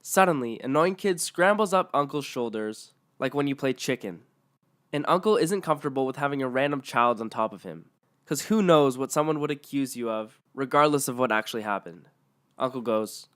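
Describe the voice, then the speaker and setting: A man's voice: medium pitch, lively intonation, brisk, a bit bright. A man narrating online stories aloud in a matter-of-fact way.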